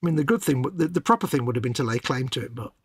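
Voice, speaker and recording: A middle-aged man co-hosting a casual live stream, trading dry, deadpan jokes. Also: mid-range voice, very fast, breathy edge. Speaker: co-host.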